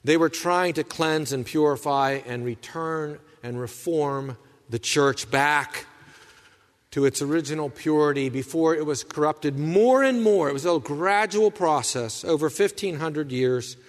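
Male pastor, slightly high pitch, folksy sermon delivery in a church with a long reverb tail. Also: measured pace. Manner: folksy storytelling with asides. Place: church sanctuary.

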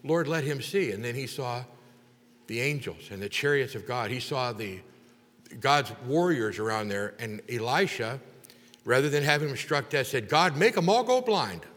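A man preaching a sermon, retelling a Bible story in an animated way and acting out the characters' lines. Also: medium pitch, moderate pace. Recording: long reverb of a large hall.

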